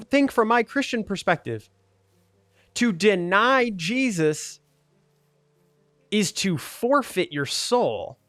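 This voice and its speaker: A man's voice: sits high, fairly bright tone, no room sound. A man talking earnestly and argumentatively in casual commentary over gameplay, with lots of "like" fillers. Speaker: gaming video creator.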